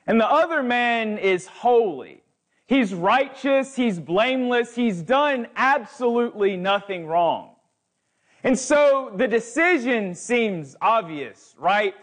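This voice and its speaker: Male guest preacher with a high voice and slow delivery, emphatic and repetitive. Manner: emphatic repetition, building lists. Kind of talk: sermon.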